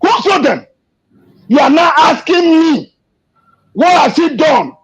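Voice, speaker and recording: A man giving an emotional, impassioned political rant, repeating himself and shouting in anger. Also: very high-pitched, lively intonation, takes it slowly, gravelly. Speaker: activist speaking to an interviewer. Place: abroad. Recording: dull lo-fi recording.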